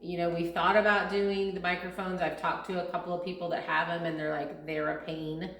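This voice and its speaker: In a casual farm vlog Q&A, a woman who co-hosts and edits the videos talks fairly quickly in a lowish, slightly bright voice with little pitch movement. Her long, filler-heavy explanations ring with a roomy echo.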